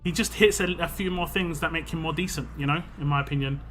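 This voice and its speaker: A man's voice: fairly high pitch, quick pace, fairly bright tone, soft background music. A man streaming a mobile game, chatting casually and giving opinionated takes, with frequent filler words. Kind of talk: casual live-stream commentary.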